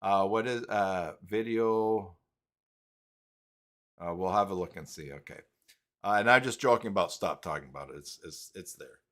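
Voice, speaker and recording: A man's voice: low-pitched, normal speed, pauses often, a bit bright. A man hosting a casual live stream, rambling and reading chat messages aloud.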